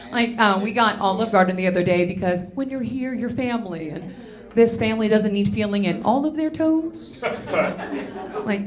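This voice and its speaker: A woman in her thirties performing a stand-up comedy set in a club, brash and profane, with self-mocking punchlines on a handheld stage mic. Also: a little high.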